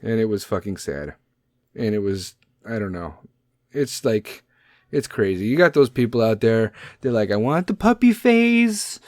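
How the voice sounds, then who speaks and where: A man's voice: lowish voice, moderate pace, darkish tone, no echo, studio quality. Blunt, profane man hosting a podcast. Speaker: podcast host. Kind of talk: casual podcast monologue. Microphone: podcast microphone.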